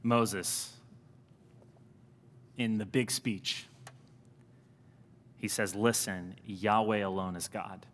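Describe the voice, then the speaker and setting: Male priest, lively conversational sermon delivery, bright, forceful tone. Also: lowish voice, drawn-out words, long pauses, long reverb tail. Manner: conversational, animated preaching with rising emphasis.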